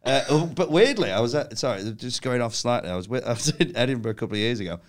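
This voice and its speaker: Man, comedian guest, casual anecdotes, lively pitch swings, laughs as he talks. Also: fast. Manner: animated, laughs often while telling stories, acts out quoted people.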